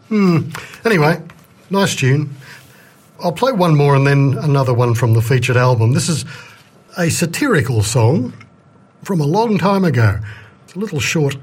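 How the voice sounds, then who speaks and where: A man's voice: medium pitch, breathy edge. A man hosting a radio music show, casually introducing songs and thinking aloud as he goes. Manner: relaxed, thinks aloud, unsure asides. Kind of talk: casual back-announcing between songs.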